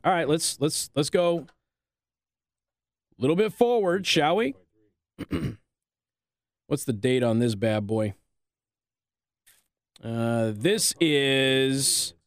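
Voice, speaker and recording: Close-miked with no echo or room sound, a fairly high-voiced political commentary host reads out headlines and then interjects. He mocks them with rhetorical questions, his delivery sarcastic and consistently pointed.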